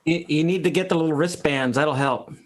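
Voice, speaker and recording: A man improv performer giving dry, low-key lines in a live comedy game. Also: fairly quick.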